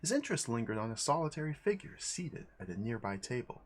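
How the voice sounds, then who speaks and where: A man's voice: medium pitch, sing-song, fast. A man streaming, casually reading a fantasy game manual aloud to viewers.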